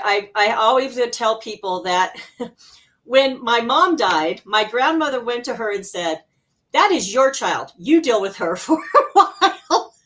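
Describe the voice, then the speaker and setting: Lively middle-aged woman telling her story. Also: medium pitch. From Arizona, USA. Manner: animated, laughs often, acts out remembered voices. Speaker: interview guest, intuitive healer. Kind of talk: personal storytelling in a conversational interview.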